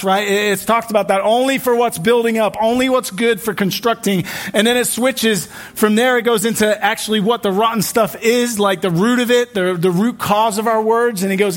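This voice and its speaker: Young guy preaching, pretty high voice, chatty and jokey, lots of restarts. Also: fairly even intonation, moderate pace, hardly any pauses, a bit bright. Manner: conversational, joking asides, many restarts. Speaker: pastor. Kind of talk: sermon. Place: church.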